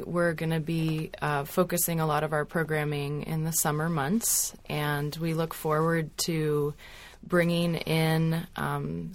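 A woman choreographer talking on a panel, measured, with frequent fillers. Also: deep voice, no echo. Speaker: choreographer guest. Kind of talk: panel discussion.

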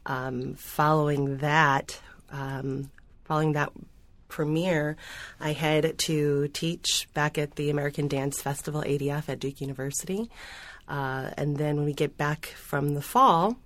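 A woman choreographer talking on a panel, halting, with repeated restarts. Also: low-pitched, fairly even intonation, no echo. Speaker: choreographer guest. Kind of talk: panel discussion.

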